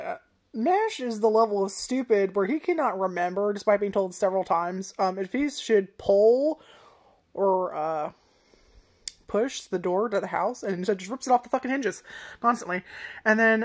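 A woman casually chatting about an anime's first episode, rambling, swearing often and laughing at her own jokes. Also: mid-range voice. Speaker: anime reviewer. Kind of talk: casual chat.

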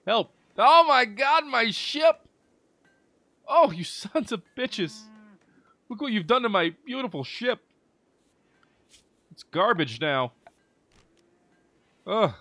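A man giving animated let's-play commentary, reacting loudly and chatting to the characters on screen. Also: medium pitch, no room sound. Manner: excitable, chatty, talks to game characters. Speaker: gaming video host.

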